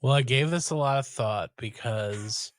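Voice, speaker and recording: A man's voice: medium pitch, unhurried, no room sound. Joking podcast co-host man, dry sound. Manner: deadpan, joking, rambling with fillers. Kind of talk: casual chat.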